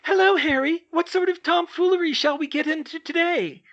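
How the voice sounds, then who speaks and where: A squeaky falsetto puppet boy. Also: normal speed, fairly bright tone, dull audio. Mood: silly. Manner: squeaky falsetto, wounded theatrics.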